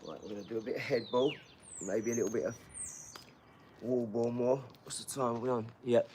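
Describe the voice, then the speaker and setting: A man's voice: mid-range voice, a little fast, darkish tone, a little hiss or hum. A man who is a father, rambling and boastful in casual live-stream chat, mixing in street slang. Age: adult father.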